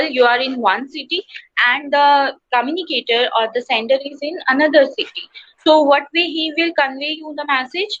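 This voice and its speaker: A woman with an Indian English accent giving an online class lecture to students, explaining slowly with many pauses and fillers. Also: sits high, a bit bright. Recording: dull lo-fi online class audio.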